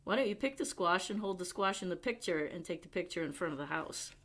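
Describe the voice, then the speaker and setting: A woman reading a helpful boy's suggestions in a storybook, lower and softer than her narration. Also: expressive, fast, slight background noise. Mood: suggesting.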